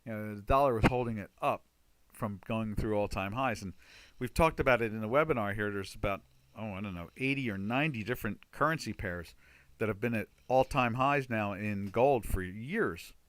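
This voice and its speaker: An older American man hosts a trading webinar, chatting loosely about charts in casual market commentary full of fillers and restarts. His voice sits on the low side with a fairly bright tone, a moderate pace, and no echo.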